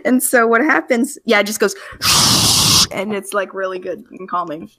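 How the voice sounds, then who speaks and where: A woman's voice: mid-range voice, fairly quick, fairly bright tone, no echo. Casting: young woman guest, giggly, chatty storyteller on a podcast call. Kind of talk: casual storytelling chat.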